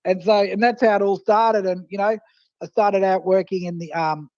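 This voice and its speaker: An Australian man with a notably high voice tells fishing stories over the phone, slipping into the voices of the people he quotes. The line is muffled and a little dull, with no room sound around it. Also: normal speed, no echo. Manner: animated anecdotes, acting out quoted voices. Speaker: guest fishing writer and photographer. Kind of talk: casual storytelling over the phone.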